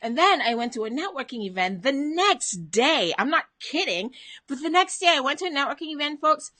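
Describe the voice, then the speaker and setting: A woman's voice: high-pitched, sing-song, brisk, sharp tone, no echo. A woman hosting a motivational live stream from home, chatting casually, greeting viewers by name and reading out their comments.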